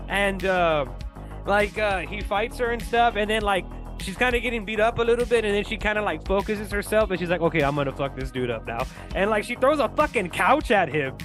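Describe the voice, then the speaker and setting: A man co-hosting a podcast in casual chat, animated and profane, acting out characters' lines as he retells scenes. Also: high voice, brisk, soft background music. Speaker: podcast co-host.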